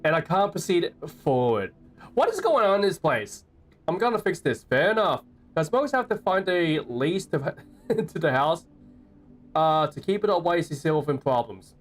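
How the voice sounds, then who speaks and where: A man's voice: fairly high pitch, sing-song, moderate pace. A young Australian man chatting playfully with viewers while playing a game and reading its notes aloud. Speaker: streamer. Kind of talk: live gameplay commentary.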